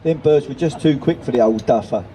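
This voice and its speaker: A man's voice: medium pitch, brisk, warm tone, natural voice. A man reading aloud, voicing a chatty old woman who fondly recounts a homely tale. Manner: rambling, homely storytelling.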